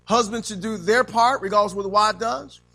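Brief: male preacher, high, bright voice, faint music underneath. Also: fairly quick, low-quality recording. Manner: call-and-response, animated, frequent amens. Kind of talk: sermon.

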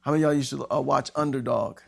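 A man preaching a sermon as pastor, animated and acting out the scenes he tells. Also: mid-range voice, rapid-fire, vocal fry. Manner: animated, acts out scenes with shouting voices.

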